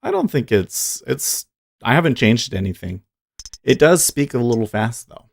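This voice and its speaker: A man's voice: medium pitch, big pitch swings, moderate pace, creaky. A man hosting a day trading livestream, thinking aloud in a rambling, casual way and laughing often.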